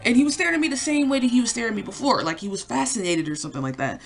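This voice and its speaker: A woman's voice: a little high, lively intonation, rapid-fire, creaky. A young woman telling a story to camera in a casual, rambling way, full of fillers and swearing. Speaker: vlogger.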